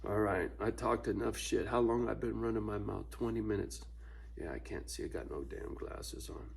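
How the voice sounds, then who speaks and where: A man's voice: fairly low pitch, normal speed, gravelly, slightly rough. A man ranting casually to camera at home, profane and laughing often between points. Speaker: vlogger. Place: at home with his dog.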